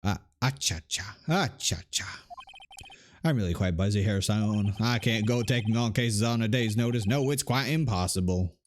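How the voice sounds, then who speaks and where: A man's voice: lowish voice, normal speed, a little hiss or hum, lightly acted. A man voicing a pompous, evasive older lawyer in a game, with a put-on Southern country drawl. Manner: pompous, drawling, stammering repetition.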